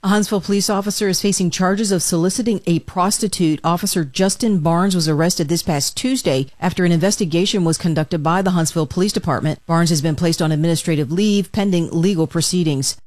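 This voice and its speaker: A woman anchoring a radio newscast, reading scripted stories in a steady, measured way. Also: lowish voice, no room sound. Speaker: news anchor. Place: studio booth.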